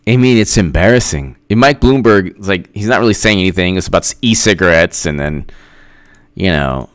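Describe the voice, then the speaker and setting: A man giving casual political commentary in an animated, incredulous way, firing off rhetorical questions and repeating himself. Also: sits low, a little fast. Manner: greets live chat viewers by name.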